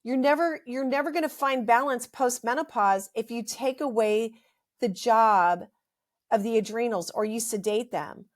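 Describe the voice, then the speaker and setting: A woman's voice: fairly high pitch, moderate pace. A middle-aged woman hosting a health podcast, ranting emphatically and repeating phrases, her throat a little dry. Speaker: podcast host, health practitioner. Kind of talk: impassioned health podcast monologue.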